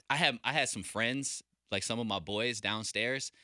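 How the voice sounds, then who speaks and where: A man's voice: medium pitch, unhurried, dry recording, clean studio sound. A young American man on a radio show, answering listener questions in casual banter, laughing often and restarting his sentences. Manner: animated, laughing, trailing off and restarting. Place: radio studio. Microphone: studio mic.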